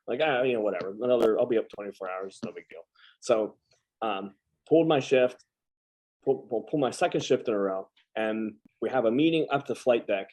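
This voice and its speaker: A man's voice: fairly low pitch, a little fast, darkish tone, poor audio. A man hosting a casual chat, telling stories in a rambling, easy manner. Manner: chatty, rambling, lots of fillers and restarts. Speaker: podcast host and veteran.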